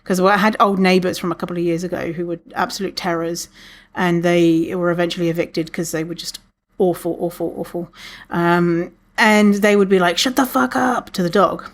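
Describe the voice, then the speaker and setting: A woman hosting a podcast alone, chatting casually, swearing freely and laughing often, with many restarts. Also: normal speed. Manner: animated, lots of restarts, acts out quotes in a higher voice. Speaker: podcast host. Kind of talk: casual solo podcast talk.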